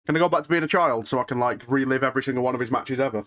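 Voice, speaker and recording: A man's voice: medium pitch, racing, few pauses, a bit bright. A young man hosting a live watch-along, chatting casually to his viewers, restless and emotional, often sighing and muttering to himself. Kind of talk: casual live-stream chat, reading and answering chat.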